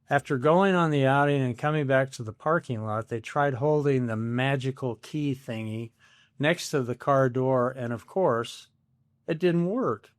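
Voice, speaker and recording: A man's voice: medium pitch, no room sound, studio quality. A man in his seventies hosting a solo podcast, telling a family story in a wry, self-deprecating scripted style. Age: 70s.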